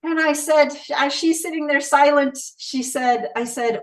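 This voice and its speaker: A middle-aged woman with a slightly high voice recounts her own story in an interview, speaking candidly and reflectively. She keeps checking in with a quick rhetorical question. Her voice sounds a little distant from the microphone. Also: steady tone. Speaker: interview guest. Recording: voice somewhat distant from the mic.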